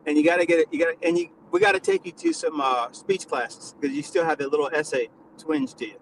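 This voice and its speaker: Male host, gravelly, animated pitch, deadpan mock-lecturing banter. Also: fast talker, noisy background. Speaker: stream host. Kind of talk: casual joking banter.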